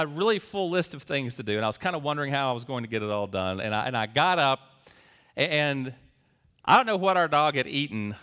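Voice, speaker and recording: A man's voice: a little high, pushed and bright. A male pastor preaching a sermon, telling stories in an earnest way that builds to emphatic peaks.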